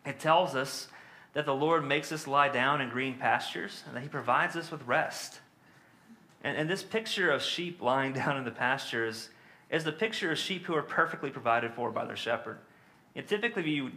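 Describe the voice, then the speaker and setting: A man's voice: medium pitch, moderate pace, pushed and bright. A man preaching a sermon in a conversational teaching manner, with frequent fillers and tag questions.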